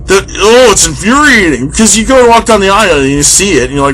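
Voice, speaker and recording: A man's voice: high-pitched, expressive, brisk, fairly bright tone, a little hiss or hum. Exasperated male vlogger ranting. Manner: exasperated, sarcastic, swears freely. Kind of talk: comedic rant.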